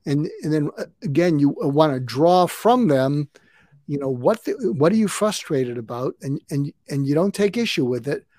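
A man in his mid-seventies, a retired psychiatrist turned conflict coach, calmly explaining techniques as a podcast guest and acting out sample dialogue. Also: fairly high pitch, moderate pace, dry recording. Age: 70s. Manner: calm, advice-giving, acts out sample dialogue.

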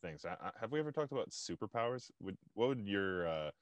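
Young male co-host, lowish voice, easygoing and rambling, dry close mic. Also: animated, quick pace, no room sound. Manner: laid-back, rambling, hesitant fillers. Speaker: podcast co-host. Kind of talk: casual chat.

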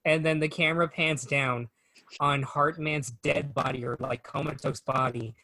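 A man on a casual chat show, recounting scenes at length in an animated, joking way. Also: on the high side, moderate pace, gravelly, slight background noise, poor audio. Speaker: podcast co-host.

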